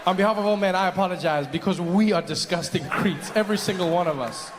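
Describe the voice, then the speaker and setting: A man performing a stand-up comedy set before a live audience in a large theater, animated, dropping into mock voices. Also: sits high, fast talker. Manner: animated, slips into mock voices and shouted impressions. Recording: live hall reverb with light noise.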